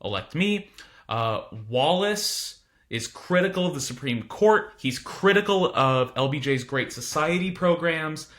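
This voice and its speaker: A man's voice: fairly high pitch, animated, a little slow, fairly bright tone. A man teaching a casual recorded history lecture, informal and chatty with frequent asides.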